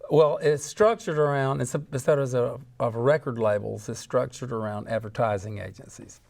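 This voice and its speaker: Gravelly man telling animated stories. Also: mid-range voice, moderate pace. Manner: lively, laughing, acts out voices. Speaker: guest, jingle composer. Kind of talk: animated storytelling.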